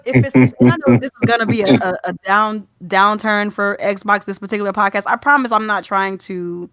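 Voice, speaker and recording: A woman's voice: medium pitch, expressive, a little fast, hardly any pauses, fairly bright tone, dry recording. A young woman with a Southern US accent, co-hosting a gaming podcast in casual, rambling chat full of fillers and restarts. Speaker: podcast co-host.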